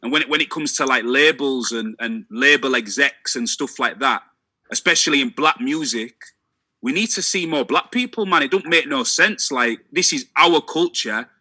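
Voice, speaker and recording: A man's voice: mid-range voice, normal speed, sharp tone. A young man in casual chat, speaking emphatically and often closing lines with "man". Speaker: discussion guest.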